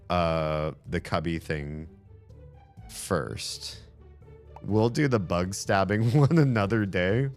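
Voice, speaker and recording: A man with a voice that is going hoarse gives casual, rambling gameplay commentary and swears freely. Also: deep voice. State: losing his voice. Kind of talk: casual let's-play commentary.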